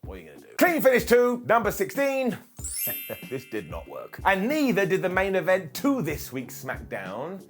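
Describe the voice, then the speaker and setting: A man hosting a casual wrestling review, sarcastic, animated and joking. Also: sits high, moderate pace, faint music behind.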